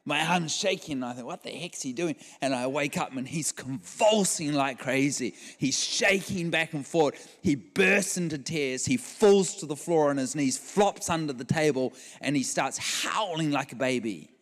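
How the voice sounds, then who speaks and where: Animated male preacher in a reverberant hall. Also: on the high side, measured pace, few pauses. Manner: animated storyteller acting out dialogue. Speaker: guest preacher. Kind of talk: storytelling sermon. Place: large church hall.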